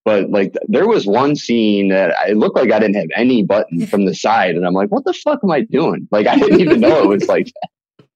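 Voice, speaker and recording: A young man as a podcast guest, talking in halting, restarting sentences and laughing easily. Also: fairly low pitch, animated, a little mellow, husky, dry recording, highs cut off. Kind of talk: casual interview chat.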